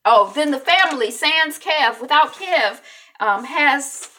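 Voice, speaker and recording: A woman's voice: high-pitched, lively intonation, slow, sharp tone. A woman hosting a casual TV recap vlog, chatty and rambling with many ums. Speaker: YouTube TV recap host.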